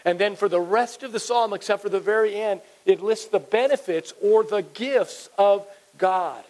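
Man, pastor, 40s, children's sermon, animated, playful, high voice, church. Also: moderate pace, rough recording. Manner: animated, playful, addresses kids directly. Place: church sanctuary.

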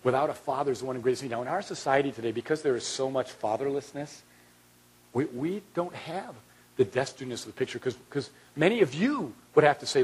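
A man preaching a sermon as pastor, earnest, swinging from loud to hushed and repeating words as he restarts. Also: mid-range voice, moderate pace, slightly rough, rough recording.

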